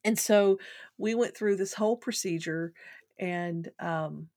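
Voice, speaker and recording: This middle-aged woman, appearing as a guest, rambles through a personal story in a fairly low voice, taking her time. It's casual storytelling, and she gets animated when a funny bit comes up; the recording is dry.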